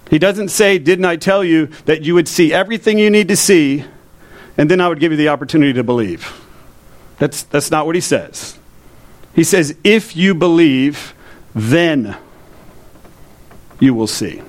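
Conversational pastor preaching, slightly high voice. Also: male voice. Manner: conversational, asks the congregation questions. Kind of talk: sermon. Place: church.

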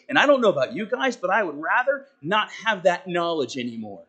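A man preaching a sermon, earnest and emphatic, talking straight to the congregation with conversational asides and sudden swings between loud and quiet. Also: high-pitched, sing-song, a little fast, few pauses, slightly rough. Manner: earnest, emphatic, rising and falling with dramatic swings in volume.

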